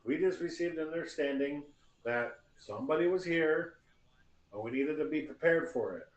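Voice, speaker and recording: A man's voice: fairly high pitch, moderate pace, close to an everyday voice. A man playing a stern city guard officer. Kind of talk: in-character tabletop role-play. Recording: roomy echo.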